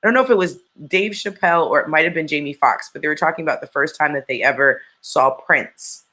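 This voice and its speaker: A woman's voice: sits low, fast, sharp tone. A woman co-hosting a talk show, introducing a guest with gushing enthusiasm and lots of filler words. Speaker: co-host.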